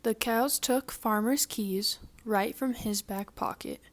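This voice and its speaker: Woman slowly reading a picture book. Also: a little high. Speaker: storybook reader.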